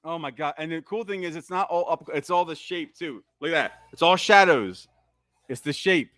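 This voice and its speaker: A man hosting a live movie commentary, riffing excitedly and swearing as he reacts. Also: on the high side, normal speed, dry recording, clean studio sound. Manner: excitable, profane fan riffing.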